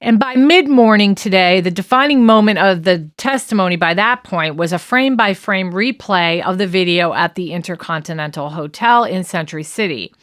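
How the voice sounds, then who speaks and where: A woman's voice: lowish voice, normal speed, hardly any pauses, no echo, studio quality. Chatty woman retelling a court case. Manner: animated retelling with restarts, quoting texts in a raised voice. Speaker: podcast co-host. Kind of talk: casual true-crime chat.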